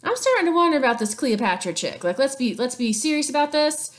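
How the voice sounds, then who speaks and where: A woman teacher walks her class through history in a playful, chatty way, full of sarcastic asides. Her voice is high, and its pitch rises and falls a great deal. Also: animated, fairly quick. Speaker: sixth grade teacher. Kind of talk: animated history lesson.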